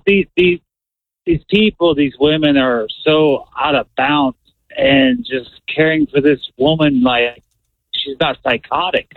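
A man's voice: a little high, no echo. A man calling a talk radio show, sounding exasperated and repeating himself as he talks. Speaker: radio caller. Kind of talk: phone call to a talk show. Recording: tinny phone line.

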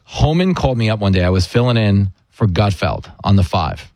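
A man's voice: fairly low pitch, a little fast, no echo, clean studio sound. A man hosting a radio talk show, joking and telling stories about himself. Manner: joking, self-mocking, animated storytelling. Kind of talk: casual radio chat.

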